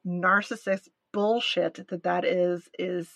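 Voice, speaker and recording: A woman's voice: fairly low pitch, fairly even intonation, slow, vocal fry, a bit bright, no room sound. A woman co-hosting a podcast, speaking candidly and emphatically in casual chat. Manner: candid and emphatic, with nervous laughs. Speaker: podcast co-host.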